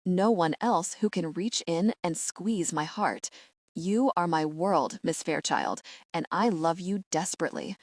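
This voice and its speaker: Woman doing a low commanding male lover. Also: a little slow, darkish tone, no echo, clean studio sound. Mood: tender.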